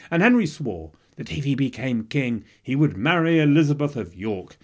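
A man's voice: lowish voice, a little mellow. A man hosting a podcast, narrating history from a script with wry, jokey asides. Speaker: podcast host.

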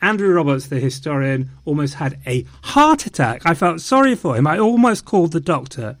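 A man with a slightly higher voice hosts a film podcast in a theatrical, playful way. He talks like he is performing his opinions, with bursts of mock outrage and tossed-off French phrases. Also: sing-song, moderate pace. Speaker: podcast host. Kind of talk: casual film review chat.

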